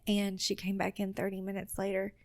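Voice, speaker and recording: A woman with a mid-range voice and a gravelly edge of vocal fry tells her own story as a podcast guest. She speaks earnestly and slips into quoted conversations as she goes. The sound is close and dry, with no room echo. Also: medium pitch, a little fast. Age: adult with children. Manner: earnest, quotes people in lively retellings. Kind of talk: personal testimony storytelling.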